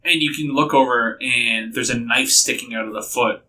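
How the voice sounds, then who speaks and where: A man narrating as game master, describing scenes in a loose, rambling way. His voice is bright and clear but set back from the mic. A faint hiss of room noise hangs behind him. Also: medium pitch, moderate pace, far from the mic, rough recording.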